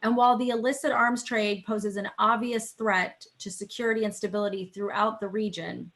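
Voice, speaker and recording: A woman moderating an online panel over a video call. She speaks in a measured, semi-formal way at a middle pitch and now and then fills a pause with "um" or "uh". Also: flat delivery, a bit bright. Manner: measured, semi-formal opening remarks with some fillers. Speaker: think tank vice president hosting a webinar.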